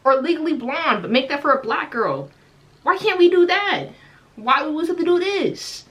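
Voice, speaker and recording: A young woman from the United States giving casual reaction commentary, animated and full of rhetorical questions. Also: high voice, normal speed.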